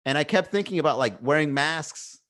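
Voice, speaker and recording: Male podcast host, slightly high voice, rambling and philosophical, loose and profane, recorded at home. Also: animated, a little fast, a bit bright. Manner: rambling, musing, swears freely, many fillers. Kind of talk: casual solo podcast monologue. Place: indoors at home.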